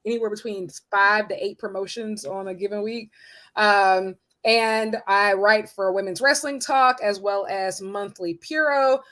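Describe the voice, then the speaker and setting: A woman's voice: mid-range voice, fairly bright tone. Young woman from South Carolina, podcast guest, casual chat, frequent ums. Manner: chatty with many ums.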